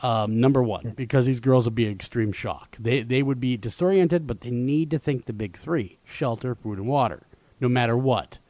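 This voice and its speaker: A man's voice: mid-range voice, normal speed, a little mellow, no echo. A man hosting a talk radio show, chatting casually with many fillers and restarts. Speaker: radio host.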